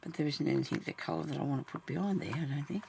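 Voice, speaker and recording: A woman who makes craft videos, chatting casually to herself while she sews and mumbling, with her voice often dropping into soft half-whispers. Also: low voice, rapid-fire, creaky, slight background noise. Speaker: craft vlogger. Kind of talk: casual talk while stitching.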